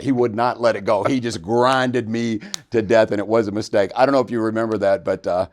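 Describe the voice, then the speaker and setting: A man hosting a podcast, telling stories in an animated, joking way. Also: on the low side, fast, few pauses. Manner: animated, jokey storyteller. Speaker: podcast host. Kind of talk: storytelling interview.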